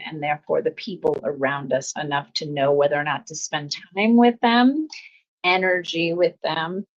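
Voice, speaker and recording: A middle-aged woman hosting a casual self-help talk, speaking earnestly and often repeating her phrases. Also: fairly low pitch. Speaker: host. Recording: slightly dull lo-fi audio.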